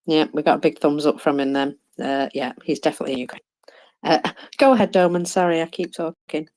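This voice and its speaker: A woman's voice: low voice, a little fast, a little mellow. A woman hosting a casual online audio chat, chatty and searching for words. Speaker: host.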